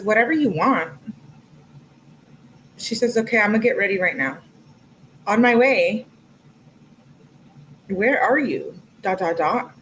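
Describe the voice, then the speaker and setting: A young woman reads text messages out loud during a relaxed livestream, breaking in with her own comments along the way. Her medium-pitched voice is a bit bright, and the low-quality recording has slight background noise.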